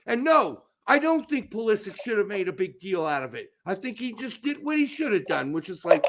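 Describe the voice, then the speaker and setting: A man with a strikingly high voice and a rough, gravelly edge holds forth on a casual sports podcast. His rant is thick with profanity and keeps boiling over into sudden, heated outbursts. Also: sing-song, moderate pace, hardly any pauses, fairly bright tone. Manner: profane, ranting, explosive outbursts. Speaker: podcast co-host.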